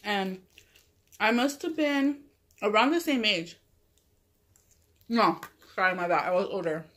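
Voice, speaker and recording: A woman's voice: medium pitch, a little slow, fairly bright tone. A woman vlogger casually telling a long personal story, rambling and full of "like" and self-corrections. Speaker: mukbang vlogger.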